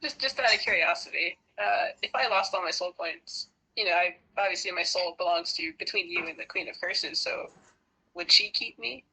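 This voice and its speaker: A woman joins a tabletop game as a player, eager and curious. Her voice is bright with a husky edge. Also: fairly low pitch, moderate pace, poor audio. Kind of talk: casual tabletop play.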